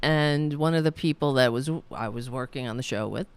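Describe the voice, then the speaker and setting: A woman's voice: a bass voice, fairly quick, clear, resonant tone, dry recording. A woman hosting a talk show, speaking bluntly and swearing freely, rambling with restarts. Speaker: podcast host. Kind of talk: casual opinion talk.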